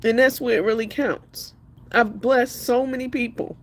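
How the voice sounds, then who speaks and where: A woman's voice: fairly high pitch, steady tone, normal speed. A woman speaking emphatically and defiantly on a live stream while crying. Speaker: livestreamer. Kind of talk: emotional live stream talk.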